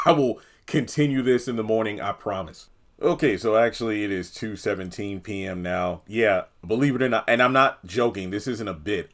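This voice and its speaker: A man hosting his own TV review channel, talking casually and with exasperation, rambling and sometimes acting out characters' lines. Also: fairly low pitch. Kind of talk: casual solo review talk.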